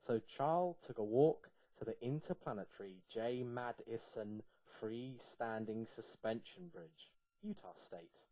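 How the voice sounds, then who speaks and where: A man reading a comic story aloud in a playful, lively way. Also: mid-range voice, a little slow, hardly any pauses, dry recording, muffled recording.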